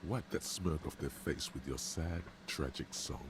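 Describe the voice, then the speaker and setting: A man voicing a sardonic inner-voice narrator in a video game, speaking in dry, measured tones. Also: rumbling low, background noise. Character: deep male inner voice narrating a game, wry and grave.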